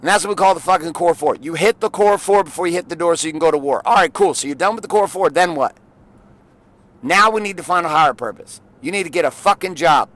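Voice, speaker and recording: A middle-aged man giving an intense, blunt motivational monologue, swearing often and rising at times to shouting. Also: fairly high pitch, fast talker, dry recording. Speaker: motivational podcast host.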